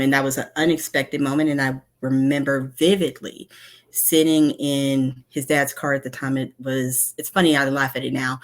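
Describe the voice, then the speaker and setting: Woman, very deep voice, candid conversational talk, speaking from home. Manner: candid, conversational, personal storytelling. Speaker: conference speaker, instructional designer. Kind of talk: online conference talk.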